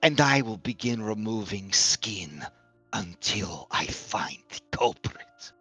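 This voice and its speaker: A man's voice: lowish voice, very animated, slow, bright, forceful tone, husky, soft background music, exaggerated voice. A man voicing a vicious female hobgoblin who screeches threats and barks orders at her kitchen staff in a tabletop game. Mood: menacing.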